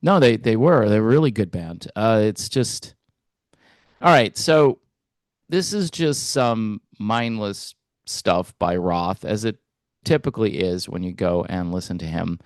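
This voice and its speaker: A man hosting a music commentary channel, talking in a relaxed, hesitant way with wry asides. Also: fairly low pitch, a little slow, dry recording, studio quality. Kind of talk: casual reaction commentary.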